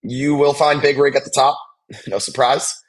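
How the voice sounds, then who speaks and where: A man hosting a live basketball watch-along, chatting casually and calling plays with excitement. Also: mid-range voice, normal speed. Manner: chatty, excitable, reacts loudly to big plays.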